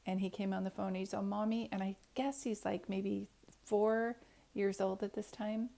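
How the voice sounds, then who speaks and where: Woman psychic medium, storyteller; mellow, low-key, flat delivery, earnest and rambling. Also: normal speed, creaky. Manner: earnest, rambling, many restarts. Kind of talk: personal storytelling to camera.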